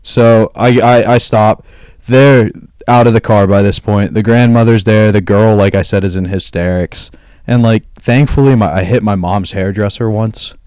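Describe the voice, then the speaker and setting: Low-voiced man telling a rambling story. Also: fairly even intonation, moderate pace, a little mellow, smooth, no echo. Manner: rambling storyteller who acts out quoted dialogue. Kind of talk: casual podcast chat.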